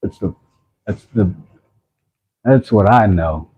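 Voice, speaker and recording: A man's voice: lowish voice, slow pace, long pauses, warm tone, slightly rough, low-quality recording. A man hosting a casual woodworking livestream, rambling and self-mocking as he reads chat messages aloud.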